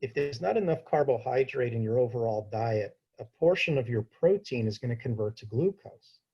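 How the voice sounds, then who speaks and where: Husky-voiced man, educator fielding questions, calm and explanatory, video call. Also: medium pitch, moderate pace, lo-fi sound. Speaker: diabetes educator answering questions. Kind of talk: informal Q&A talk.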